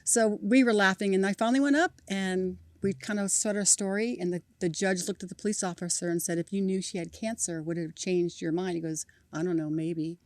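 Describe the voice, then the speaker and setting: A middle-aged woman, a podcast guest telling lively family stories and acting out the people in them. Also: on the low side, fairly quick, few pauses, dry recording. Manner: animated storyteller, acting out voices with laughter. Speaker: podcast guest, mother of a cancer patient. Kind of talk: storytelling in an interview.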